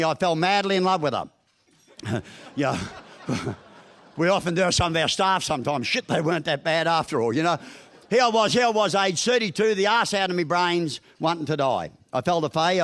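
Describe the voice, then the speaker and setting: A man's voice: on the high side, a bit bright. An Australian man in his sixties giving a motivational breakfast talk as a broad, joking storyteller with crude humour. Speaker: guest speaker. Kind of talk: motivational after-dinner talk. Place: function room at a business breakfast.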